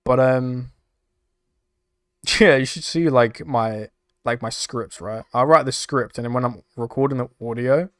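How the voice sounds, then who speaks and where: A man's voice: mid-range voice, measured pace, fairly bright tone, no echo, clean studio sound. A young British man chatting casually on a live stream, laughing often and swearing freely as he reacts to chat. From United Kingdom. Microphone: desk microphone.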